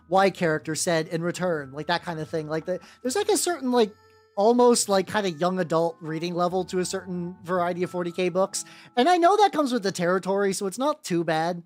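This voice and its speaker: A woman's voice: on the low side, darkish tone. A young woman chatting casually on a livestream, rambling with lots of restarts and greeting her chat. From United States. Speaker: streamer. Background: faint background music.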